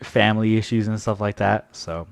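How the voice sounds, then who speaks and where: A man hosting an interview, asking questions in a sympathetic, relaxed manner. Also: on the low side, moderate pace, gravelly, no room sound, clean studio sound. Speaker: podcast host.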